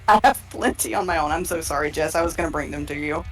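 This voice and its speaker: A woman narrating a horror tabletop game as game master, chatty and relaxed, with fillers and restarts. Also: low voice, brisk, soft background music.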